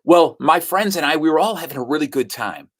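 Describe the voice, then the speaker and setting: Man, guest speaker on sales, animated storyteller, pitch swinging widely. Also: a little fast. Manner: animated storyteller who acts out the quotes. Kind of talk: storytelling talk.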